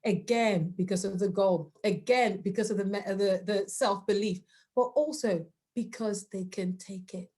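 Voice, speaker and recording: A woman's voice: mid-range voice, moderate pace, dark tone. A woman giving a parenting talk, earnest and emphatic, asking the audience rhetorical questions. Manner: acts out quoted voices of children and parents. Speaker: parenting workshop speaker. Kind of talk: presentation talk with slides.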